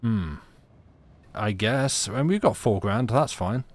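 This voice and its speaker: A young man talks over a narrative game in a loose, rambling way. He jokes and restarts his sentences, in a slightly low voice. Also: lively intonation, takes it slowly. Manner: rambling, joking, many restarts. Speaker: streamer. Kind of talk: casual game commentary.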